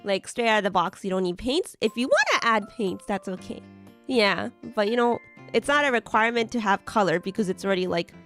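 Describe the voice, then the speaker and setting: Giggly woman streamer, lively pitch. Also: fairly quick, soft background music. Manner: chatty, giggly, many "like" fillers. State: slightly hoarse from being sick. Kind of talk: casual chat with viewers while building models.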